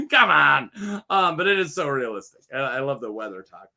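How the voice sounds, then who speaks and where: A young man with a high, bright voice talks through a TV episode in a loose, rambling solo review. He jokes constantly and laughs often at his own asides. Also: animated, moderate pace, vocal fry. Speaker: show reviewer. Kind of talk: casual solo review chat.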